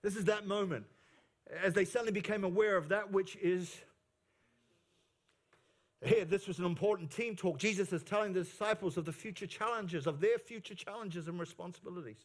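A man's voice: high voice, a little fast. A male pastor preaching a sermon at a church service into a stage microphone, emphatic, repeating key phrases, with playful asides. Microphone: fixed microphone on stage.

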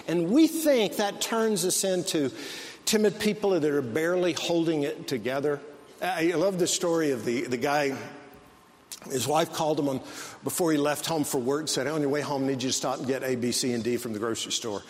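Preaching man in a reverberant hall. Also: moderate pace. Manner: storytelling preacher, drops low for quoted calm voices. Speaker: pastor. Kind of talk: sermon. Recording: long reverb of a large hall.

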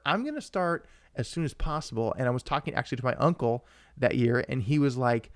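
Excitable man chatting on a podcast. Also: mid-range voice, brisk, dry recording, studio quality. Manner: rambling and excitable, with frequent restarts and asides to viewers. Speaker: podcast co-host. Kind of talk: casual live-stream chat.

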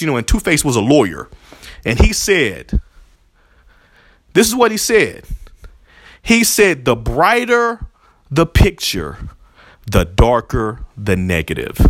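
Guy hosting a faith podcast, high voice jumping all over, real emotional and preachy. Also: dry recording. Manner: emotional, preacherly, repeats himself. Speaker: podcast host. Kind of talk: heartfelt religious podcast talk.

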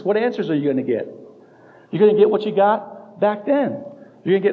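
A man's voice: sits high, fast talker. Emphatic preacher man in a reverberant hall. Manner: emphatic, repeats key phrases, restarts. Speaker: pastor. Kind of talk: sermon. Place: church sanctuary. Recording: dull sound with long hall reverb.

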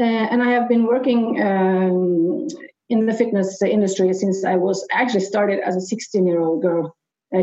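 A woman's voice: mid-range voice, warm tone. Woman in her forties, a guest in a muffled, roomy recording. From Norway. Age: 40s. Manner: hesitant, many uh fillers. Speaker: podcast guest. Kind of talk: casual interview.

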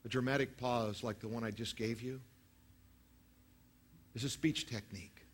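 This pastor's tone stays steady and his speed normal as he preaches, though he shifts from emphatic, loud moments to soft, low prayer. He guides the congregation in praying aloud, and a little hiss or hum sits under the recording.

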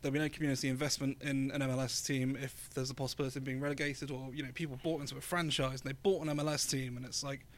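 English guy co-hosting a podcast, talks quick, chatty, lots of ums. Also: medium pitch, little pitch movement. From England. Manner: chatty, lots of ums and likes, laughs easily. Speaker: podcast co-host. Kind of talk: casual chat.

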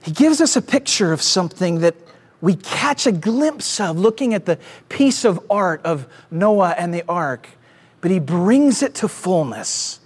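A pastor preaching a sermon with emphatic delivery and rhetorical questions, swinging from raised to hushed. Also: medium pitch, lively intonation, unhurried, breathy edge. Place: church stage with slides behind.

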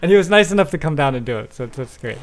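A man hosting a casual talk show, relaxed and rambling with fillers. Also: on the high side, rapid-fire, slight background noise. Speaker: podcast host. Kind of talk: casual chat.

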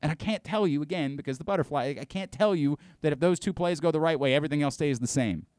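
A man's voice: on the high side, fast talker, a little mellow, no echo, studio quality. A man hosting a sports talk radio show, ranting with exasperation and frequent restarts.

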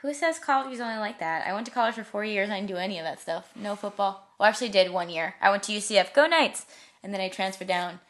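A woman's voice: mid-range voice, animated, fast talker. A young woman in her twenties chatting casually as a co-host, gushing about things she loves in long rambling runs. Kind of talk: casual chat.

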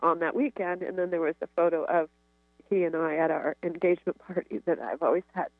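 A woman's voice: lowish voice, fairly quick, no echo. A middle-aged woman calling in to the show, tenderly reminiscing about her life. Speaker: caller. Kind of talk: sharing memories on a call-in show. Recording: tinny phone line.

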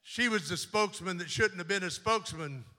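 A man preaching a sermon as a bishop, moving from quiet storytelling to loud, fervent exhortation in a church sanctuary. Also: sits high, a little fast. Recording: long church reverb.

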